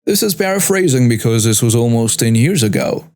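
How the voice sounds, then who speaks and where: A man's voice: mid-range voice, sing-song, a little fast, darkish tone. A man reading out a first-person story as the narrator of a storytelling channel.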